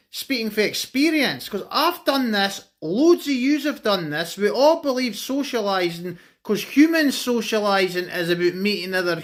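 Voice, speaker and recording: A man's voice: high voice, a bit bright. A Scottish man chatting bluntly in a casual vlog about training his dog, swearing freely. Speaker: dog owner and trainer vlogger. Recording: background music under voice. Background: music.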